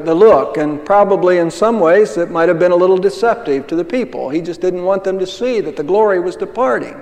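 A man's voice: high voice, darkish tone. An older man preaching a sermon as pastor, conversational, asking the congregation rhetorical questions. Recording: long reverb of a large hall.

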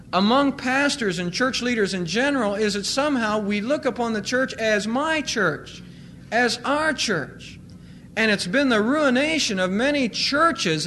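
A man with a high-pitched voice preaches a sermon as pastor, drawing out key words for emphasis. A faint hiss sits under the recording. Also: a bit bright. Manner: emphatic, stressing single words slowly.

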